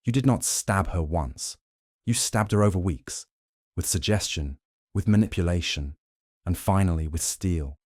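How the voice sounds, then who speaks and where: A shrewd, theatrical detective, voiced by a male audiobook reader lays out his case in a low, deep voice. He is measured and grand, slipping into French now and then. The sound is close and dry. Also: a little mellow, dry recording. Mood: accusing. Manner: measured, dramatic accusations with French phrases. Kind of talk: audiobook character reading.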